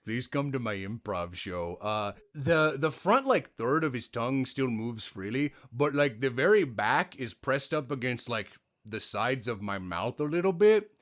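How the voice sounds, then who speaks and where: A man hosting a casual chat about voice acting, animated and breaking into demo voices, his voice tired after a long day. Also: mid-range voice. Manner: animated, demonstrates voices mid-sentence. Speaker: podcast host.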